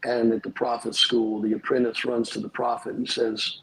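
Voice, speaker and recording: A man, a pastor and podcast guest, telling earnest, animated stories about forgiveness in casual conversation. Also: mid-range voice, fairly quick, few pauses, a little hiss or hum, rough recording.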